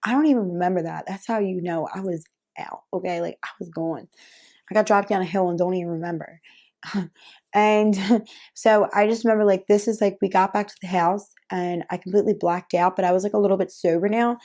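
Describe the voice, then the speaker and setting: Chatty young woman with a mellow voice. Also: medium pitch, steady tone, a little fast. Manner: chatty, lots of "like" fillers, frequent laughs. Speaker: vlogger. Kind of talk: casual storytelling to camera.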